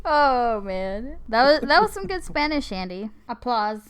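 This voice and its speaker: A woman's voice: on the high side, big pitch swings, measured pace, clean tone. A woman co-hosting a comedy podcast in casual chat, giggling often. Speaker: podcast co-host.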